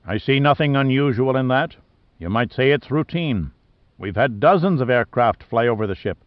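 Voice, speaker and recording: Storybook: male reader voicing a curt, roaring sea captain, loud and gravelly, on muffled dry audio. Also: medium pitch, expressive, moderate pace, no echo, lightly acted. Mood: gruff. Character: gruff bearded male naval captain, blustery.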